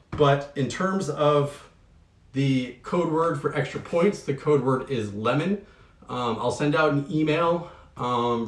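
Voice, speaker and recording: A young man from the Northeast US hosting a casual unboxing livestream, rambling with lots of ums and a little out of breath. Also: mid-range voice. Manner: relaxed, rambling with many ums. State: sweaty and slightly out of breath. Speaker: livestream host. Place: bedroom at home. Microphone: camera mic across the room. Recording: echoey room, far from the mic.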